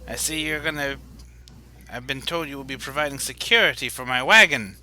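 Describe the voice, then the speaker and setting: A man's voice: medium pitch, brisk, pushed and bright. A man voicing an evasive, secretive male merchant whose voice keeps changing. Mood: haughty. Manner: switches voices mid-conversation.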